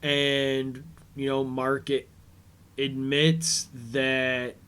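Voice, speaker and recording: Man, casual podcast host, rambling episode recap, slow delivery. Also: mid-range voice, completely flat delivery, fairly bright tone, smooth. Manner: rambling, retells scenes with paraphrased quotes.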